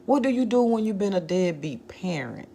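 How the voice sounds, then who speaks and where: A woman's voice: medium pitch, very animated, normal speed, creaky, dark tone. A woman vlogger candidly telling a personal story in a conversational monologue, often using "like" as a filler.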